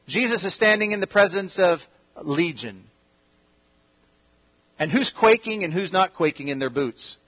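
Animated high-voiced man preaching. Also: unhurried, long pauses, husky, highs cut off. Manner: animated, swings between loud emphatic peaks and quiet asides. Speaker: pastor. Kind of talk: sermon. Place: auditorium.

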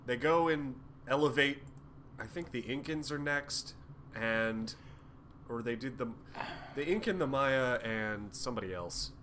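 A man's voice: medium pitch, animated, a little slow, a bit bright, slight background noise. A man co-hosting a podcast who retells a comic in casual chat, jokingly acting out the characters' lines with crude humor. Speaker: podcast co-host.

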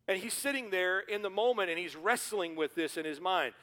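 Pastor preaching in a reverberant hall. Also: male voice, sits high, expressive, brisk, hardly any pauses. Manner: builds to forceful repeated refrains. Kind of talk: sermon. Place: church sanctuary.

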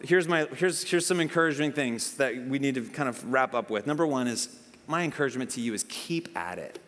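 A man's voice: medium pitch, fairly quick. A man preaching a casual, conversational sermon to his church, telling stories and acting out bits of dialogue. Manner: conversational, animated storytelling with acted-out dialogue. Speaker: pastor. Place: church hall. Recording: long hall reverb.

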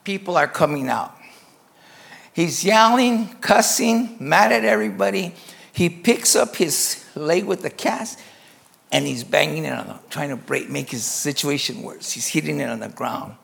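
A pastor tells a story from the pulpit in a somewhat high, gravelly voice. He is animated and acts out each scene as he goes. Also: a little slow. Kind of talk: sermon storytelling.

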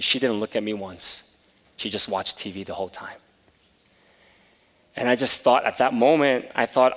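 A man's voice: medium pitch, moderate pace. A man preaching a sermon, telling a personal story with quoted dialogue. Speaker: pastor. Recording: long reverb of a large room.

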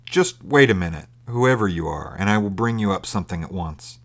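A man voicing a gruff but kind fisherman who talks bluntly and roughly. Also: fairly low pitch, animated, brisk.

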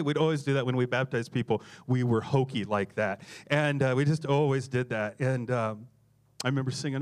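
A man's voice: mid-range voice, normal speed. A middle-aged man, a pastor, preaching a sermon full of humorous, self-deprecating stories. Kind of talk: sermon with storytelling.

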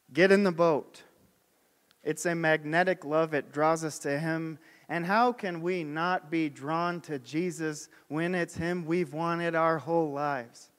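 A man preaching a sermon emphatically, swelling and dropping his voice and slowing on key words. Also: fairly high pitch, in a large hall. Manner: emphatic, with swings in loudness and slowed key words.

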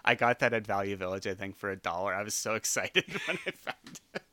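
A chatty man from Canada hosting a casual podcast, laughing often and restarting his sentences as he goes. His voice is bright, smooth and clear, and it sits close to the mic with a dry, dead sound and no room around it. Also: lowish voice, quick pace, no echo. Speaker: podcast co-host.

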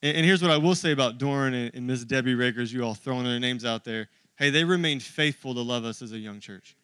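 A man's voice: medium pitch, fast, a bit bright, clear, resonant tone, dry recording. A man in his thirties preaching a sermon to his church, conversational and joking with the congregation. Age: 30s. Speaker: pastor.

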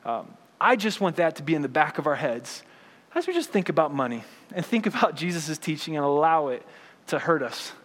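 A man's voice: high voice, long reverb tail. A man preaching a sermon as pastor in a casual, conversational way, often asking "right?" to the congregation.

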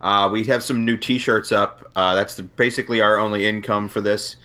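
A man's voice: fairly low pitch, fairly even intonation, moderate pace, bright, forceful tone. A man hosting a podcast in an easygoing manner, thanking listeners and laughing along with his guests. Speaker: podcast host. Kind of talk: casual chat.

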